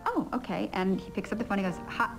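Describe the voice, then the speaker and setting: A woman's voice: medium pitch, flat delivery, fast talker, rough recording. A middle-aged woman in a candid interview, telling a story with giggles and acting out her own past lines. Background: music.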